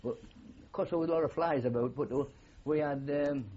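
A man's voice: on the high side, moderate pace, darkish tone, highs cut off. An older man with a Geordie accent, a war veteran telling rambling stories with many fillers in an oral history interview. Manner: rambling anecdotal storytelling with frequent fillers.

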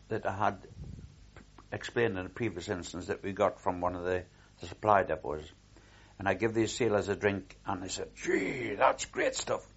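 Old guy telling war stories, husky, keeps restarting and repeating himself. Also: on the low side, highs cut off. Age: older. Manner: rambling, with frequent restarts and repeated words. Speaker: war veteran recalling service. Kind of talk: oral history recollection.

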